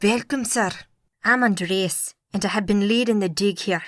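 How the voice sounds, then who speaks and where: A woman's voice: medium pitch, moderate pace, no room sound, close to an everyday voice. A deferential man leading an excavation, read by a female audiobook narrator. He speaks politely in an ordinary mid-range voice. The sound is dry and close. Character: polite male dig team leader, deferential. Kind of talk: audiobook character voice.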